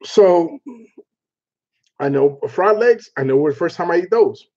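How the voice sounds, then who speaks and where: A man hosting a casual chat show, telling a story in an animated way with laughter and mild cursing. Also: a little high, measured pace. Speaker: show host. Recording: dull lo-fi sound.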